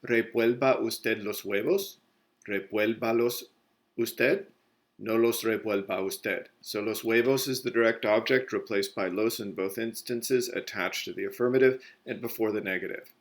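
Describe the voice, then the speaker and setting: In a recorded grammar lesson, a male Spanish teacher explains things step by step, correcting himself mid-sentence. His voice sits fairly low, and he keeps a moderate pace.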